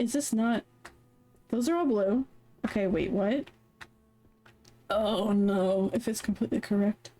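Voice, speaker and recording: A woman's voice: on the high side, slow pace, long pauses, warm tone. A woman streaming casually, who swears a lot, sounds flustered and confused, and sings along with the music between her remarks. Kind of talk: casual livestream chat, singing along. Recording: music playing in background.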